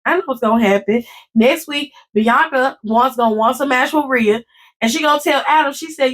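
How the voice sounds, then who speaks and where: A woman hosting a casual wrestling recap, telling it in an animated, profane, sassy way with frequent asides to her listeners. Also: high voice, normal speed.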